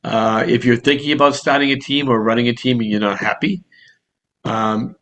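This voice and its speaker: A man with a Boston accent, a real estate broker and coach giving an energetic, rambling casual talk to an online group. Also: medium pitch. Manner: energetic, rapid, rambling with restarts.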